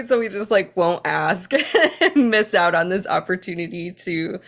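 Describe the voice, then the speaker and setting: A woman's voice: on the low side, a little slow, fairly bright tone. A woman hosting a podcast interview, listening with short replies and frequent laughs. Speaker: podcast host. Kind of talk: casual interview chat.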